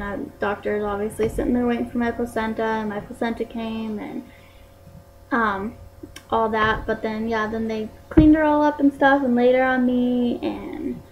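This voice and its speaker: A woman's voice: on the high side, level tone, moderate pace, dull audio, faint music behind. A young woman vlogging casually to camera, rambling with many fillers like "like" and "um". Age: young adult.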